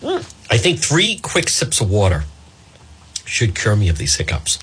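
A man's voice: on the low side, huge pitch swings, unhurried, fairly bright tone, slightly rough. A man hosting live talk radio while fighting hiccups, rambling and apologizing as he goes. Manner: apologetic, rambling, self-interrupting. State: has the hiccups. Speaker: radio talk show host.

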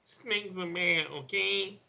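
A man's voice: high-pitched, takes it slowly, vocal fry, bright, forceful tone, dull audio. A man in casual chat who laughs easily and drops dry asides.

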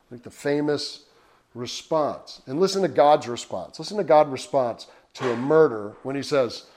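A man preaching a sermon, asking rhetorical questions and often dropping his voice to a hush. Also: mid-range voice, moderate pace. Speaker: pastor.

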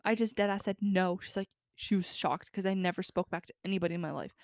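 A young woman co-hosting a podcast who tells a story at an animated pace and swears freely. Her voice has a middle pitch. It is recorded close in a dry, dead room. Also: quick pace, no room sound. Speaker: podcast co-host telling a story. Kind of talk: casual chat.

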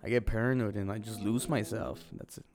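A young man telling a profane, animated story in casual podcast chat, often laughing as he talks. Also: fairly low pitch, fairly quick. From Los Angeles. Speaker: podcast co-host.

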